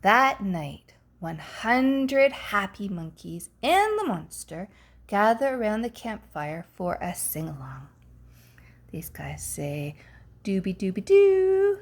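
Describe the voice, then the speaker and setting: Female picture-book reader, unhurried and animated, playful with whispered asides. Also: medium pitch. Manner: expressive, playful, gasps and hushes for effect. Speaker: storybook reader. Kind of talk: reading a picture book aloud.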